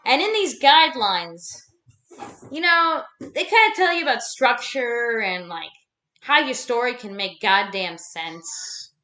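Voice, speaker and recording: A young woman rants casually to camera at home, rambling and swearing freely. Her voice sits a bit high and swings widely in pitch. The sound is bright, with a roomy echo around it. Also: a little slow. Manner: rambling, swears freely, animated ranting with fillers. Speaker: vlogger. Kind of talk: casual ranting chat.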